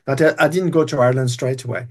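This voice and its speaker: A man's voice: medium pitch, quick pace, a little mellow. A retired man in his sixties from Brittany with a French accent, speaking as an interview guest in a hesitant way with many fillers and restarts. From Brittany, France. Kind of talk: casual interview chat.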